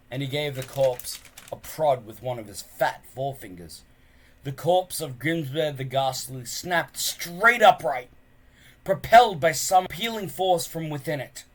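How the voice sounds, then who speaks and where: Man reading a storybook, expressive and unhurried. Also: a little high. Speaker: reader. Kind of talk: children's book read aloud.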